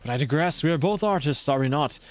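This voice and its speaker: A man's voice: a little high, animated, quick pace, close to an everyday voice. A man voicing a pompous, flamboyant male artist gym leader with a put-on French accent, speaking in a grandiose, formal way.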